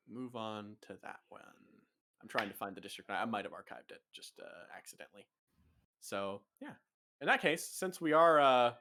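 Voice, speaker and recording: A man running a tabletop game as game master, animated and often jumping into character voices. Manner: animated, jumps into high-pitched character voices. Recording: faint music behind.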